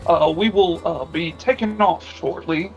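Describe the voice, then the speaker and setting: A man's voice: a little high, unhurried, soft background music. A man doing a mock-formal flight attendant. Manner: mock-formal announcement delivery. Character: airline flight attendant making cabin announcements, mock-formal.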